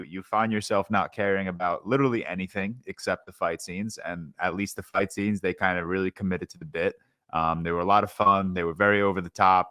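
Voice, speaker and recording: A young man's low, slightly bright voice comes through studio-quality audio without echo. Co-hosting a podcast, he talks casually about a film, rambling and restarting often with plenty of fillers.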